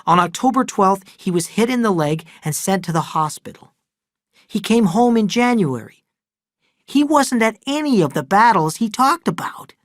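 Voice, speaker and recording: A man's voice: sits high, big pitch swings, normal speed, fairly bright tone, no room sound, studio quality, pitched above the performer's own voice. A man voicing a strained, anxious brother. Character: anxious troubled grown brother.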